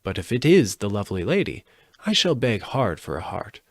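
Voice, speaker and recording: A man voicing a gentle, wistful tin woodman in a storybook reading, musing hopefully to himself. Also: lowish voice, very animated, normal speed, dry recording.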